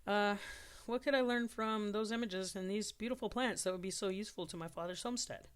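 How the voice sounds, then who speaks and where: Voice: medium pitch, a little fast, clear, resonant tone, voice pushed up, close to an everyday voice. A reader voicing a shy, polite young girl from a homestead, hesitant when she speaks.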